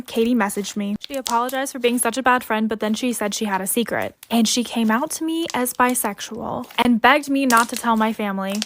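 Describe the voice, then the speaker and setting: A young woman narrating a personal story in a brisk, dramatic storytime voice-over. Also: a little high, fairly bright tone, a little hiss or hum.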